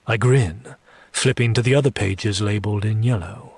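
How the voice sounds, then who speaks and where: A man reading a first-person story aloud in an audiobook style, slow and deliberate, dropping low for menacing asides. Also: gravelly, husky, no room sound. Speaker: story reader.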